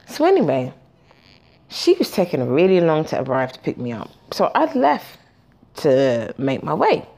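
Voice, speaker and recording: A woman's voice: deep voice, normal speed, gravelly. A woman in her forties hosting a podcast, telling a story casually, swearing freely and acting out the dialogue. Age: 40s. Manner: animated, profane, acts out dialogue. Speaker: podcast host.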